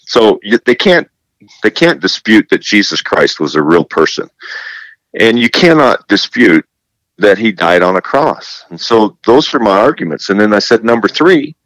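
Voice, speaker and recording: A man with a rather deep voice tells his stories with energy and plays every quoted line aloud. He repeats himself and often restarts his sentences. The recording is close and dry, with no room sound. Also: normal speed, no room sound, rough recording. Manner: animated storyteller who acts out quoted dialogue. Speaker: guest, television presenter. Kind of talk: casual faith interview.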